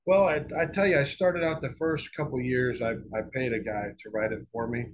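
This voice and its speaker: A middle-aged man spins a story in a loose, casual interview, swearing freely and circling back over his own words. His pitch sits in an everyday middle range. A faint hiss of noise runs under the recording. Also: steady tone, normal speed. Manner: rambling, profane, with many restarts. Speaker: guest author.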